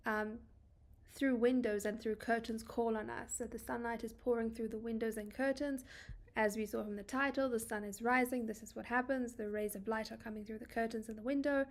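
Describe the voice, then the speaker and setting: A woman with a South African accent tutors English literature in a poetry analysis lesson, reading lines of a poem and paraphrasing them casually with lots of fillers. Her voice is fairly high and fairly quick, with fairly even intonation.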